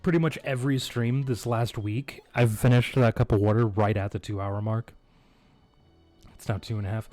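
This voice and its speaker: A man's voice: fairly low pitch, steady tone, moderate pace, darkish tone, faint music behind. A man chatting casually on a live game stream, joking crudely and laughing often.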